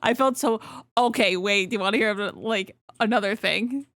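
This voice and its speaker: A woman's voice: medium pitch, brisk, fairly bright tone, no room sound, studio quality. A young woman co-hosting a podcast, chatting casually, laughing often and swearing. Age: young adult. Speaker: podcast co-host. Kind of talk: casual chat.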